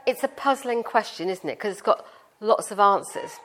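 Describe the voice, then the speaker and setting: A woman's voice: medium pitch, expressive, moderate pace, fairly bright tone. A middle-aged woman with a British accent preaching a sermon in a chatty, informal way, explaining through everyday family stories. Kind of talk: conversational sermon.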